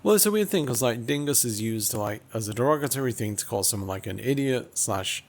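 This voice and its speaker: A man's voice: mid-range voice, animated, a little fast. A man hosting a casual comedy podcast, rambling and stammering with repeated words over a video call. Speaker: podcast host.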